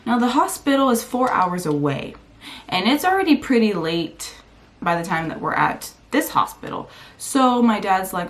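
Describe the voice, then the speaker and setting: A young woman vlogger telling a personal story at home, animated, acting out what people said with big jumps in her voice. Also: mid-range voice, moderate pace. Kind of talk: storytime vlog. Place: home room. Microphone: camera mic.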